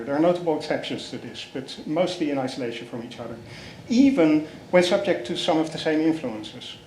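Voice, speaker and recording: A man, an academic chairing a panel, speaking in a measured, hesitant way with many fillers. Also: fairly high pitch. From Netherlands. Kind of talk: panel discussion. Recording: echoey room with faint background noise.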